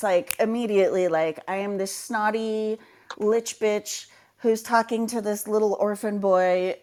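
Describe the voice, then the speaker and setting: A woman chats casually among friends, lively and playful. Her voice sits at an ordinary middle pitch for a woman. She sounds like a game master sharing tips with friends. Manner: animated, playful, drops into silly voices. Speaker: tabletop game master, podcast panelist. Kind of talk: casual chat.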